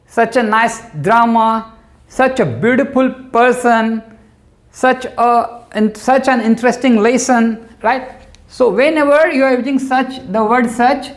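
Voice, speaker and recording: A man teaching English grammar who speaks slowly and deliberately, repeating example sentences and checking in with the learner. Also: extremely high pitch.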